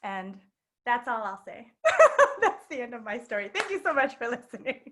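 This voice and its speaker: At a live storytelling night in a queer bookstore's event space, a woman with a New York accent shares a personal story. Her voice sits fairly high and has a sing-song lilt and a fairly bright tone at a normal pace, and her chatty telling is full of fillers and laughter.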